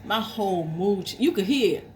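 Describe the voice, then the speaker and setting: A woman's voice: medium pitch, normal speed. Indignant middle-aged woman telling a story. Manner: animated, indignant, talks while eating. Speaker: vlogger. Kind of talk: storytime while eating. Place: at home. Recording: noisy room with a show playing behind.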